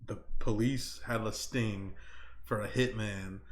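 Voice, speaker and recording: A man's voice: lowish voice, slow. A man co-hosting a podcast in casual chat, telling stories animatedly with plenty of swearing and laughter. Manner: profane, animated storytelling with laughter. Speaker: podcast co-host. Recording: roomy echo with faint noise.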